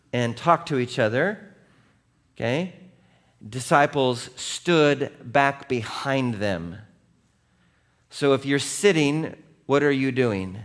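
Speaking at a medium pitch with a slightly bright tone, this male pastor delivers his sermon like a conversation. He acts out scenes from scripture in voiced quotes and often asks the congregation "right?" or "okay?"

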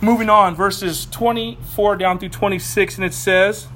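A man preaching a sermon in a lively, conversational way, full of humor and asides. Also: sits high, a little slow, slight background noise. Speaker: pastor.

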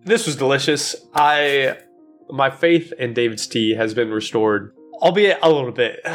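Male podcast co-host, mid-range voice, animated and jokey, stumbles and restarts often. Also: medium pitch, unhurried, soft background music. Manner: animated, joking, lots of restarts and fillers. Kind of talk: casual chat.

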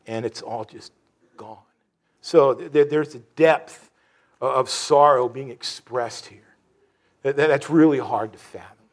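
A pastor preaches earnestly but haltingly, full of restarts and fillers. On sorrowful phrases he drops low and soft.

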